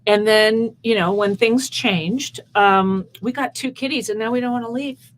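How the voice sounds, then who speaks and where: A woman's voice: fairly high pitch, measured pace, rough recording. A woman from British Columbia, talking eagerly as a musician guest. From British Columbia, Canada. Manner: warm, enthusiastic storytelling. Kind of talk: casual interview.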